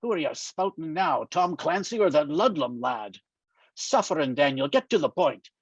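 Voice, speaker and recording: A gruff older man with a wry, teasing streak, as a reader puts him on. He speaks a little high for a man, and the dull, dry recording mutes his voice. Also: big pitch swings, normal speed, no echo. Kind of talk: reading a novel aloud. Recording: dull, muffled dry sound.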